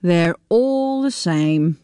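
A woman reading a story on the radio, voicing a practical friend who talks briskly and bluntly. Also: on the low side, lively intonation, warm tone, no room sound, studio quality. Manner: brisk, no-nonsense.

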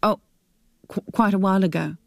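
A woman voicing a tearful, defensive middle-aged mother in a spoken story, pleading and raised in pitch. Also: fairly quick, vocal fry, dry recording, clean studio sound, natural voice.

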